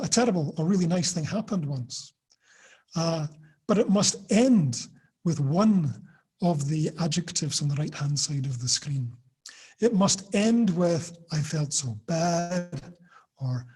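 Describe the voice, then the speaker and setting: A man from Britain giving a lively online talk to teachers, often laughing and acting out quoted lines. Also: high voice, breathy edge. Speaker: teacher trainer. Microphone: video call.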